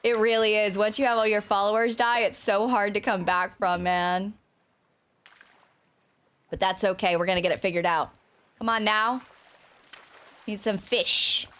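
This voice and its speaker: A young woman vtuber chatting casually as she plays a game, swearing and breaking into sudden shouts. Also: medium pitch, fairly even intonation, measured pace, long pauses. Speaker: vtuber streamer. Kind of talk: casual gameplay commentary.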